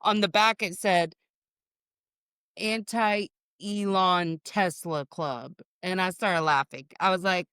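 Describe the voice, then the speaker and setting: A woman's voice: on the low side, fairly even intonation, slow, a bit bright, smooth, no room sound, clean studio sound. Frank, salty-mouthed woman guest. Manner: frank, swears freely, calls people honey. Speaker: podcast guest, author. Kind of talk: casual chat.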